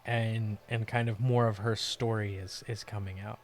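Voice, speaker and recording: A young man chatting casually on a live art stream, rambling warmly about a character and greeting viewers by name. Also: fairly low pitch, fairly even intonation, normal speed. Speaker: livestream artist.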